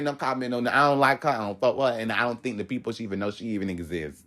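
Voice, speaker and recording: A young man tells a story from his job straight to his viewers. He talks in a lively, profane way and acts out everyone's lines as he goes. His voice sits in an ordinary middle pitch for a man. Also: very fast, hardly any pauses. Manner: animated, profane storytelling with acted quotes. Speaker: vlogger telling a work story. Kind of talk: casual storytelling to camera.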